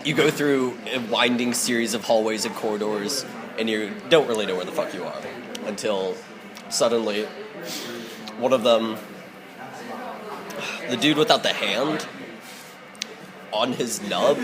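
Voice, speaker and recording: A man's voice: lowish voice, a little slow, long pauses, crowd noise. Laid-back man running a tabletop game. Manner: loose and casual, laughs often. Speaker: game master.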